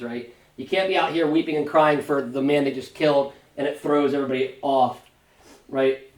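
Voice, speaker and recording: A pastor leading a Sunday school Bible study, talking conversationally and often checking in with a quick "right?". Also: male voice, fairly high pitch. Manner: conversational, fond of tag question "right?"; animated when paraphrasing scripture figures. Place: church classroom. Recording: roomy church room, mic at a distance.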